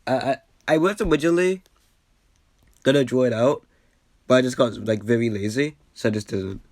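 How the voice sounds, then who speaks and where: A man's voice: medium pitch, moderate pace, darkish tone, no room sound, clean studio sound. Slightly sick man rambling through commentary. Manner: rambling, lots of fillers and restarts, self-deprecating. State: a bit sick. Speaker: YouTuber reacting to his old video. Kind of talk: casual commentary.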